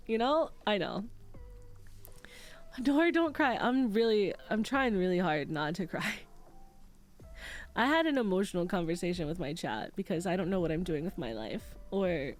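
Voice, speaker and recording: A woman's voice: mid-range voice, darkish tone. A woman streamer, nose stuffy after crying, chatting casually and reading out her chat, candid and swearing freely.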